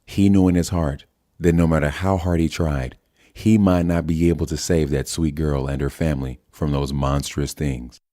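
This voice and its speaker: A man reading a novel aloud as narrator, steady and measured. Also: extremely low pitch. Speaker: audiobook narrator. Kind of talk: scripted audiobook narration.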